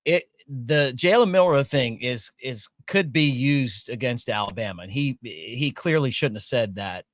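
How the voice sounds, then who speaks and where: A man hosting a sports talk show, talking in an animated, emphatic way. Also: mid-range voice, a little slow, hardly any pauses, dry recording.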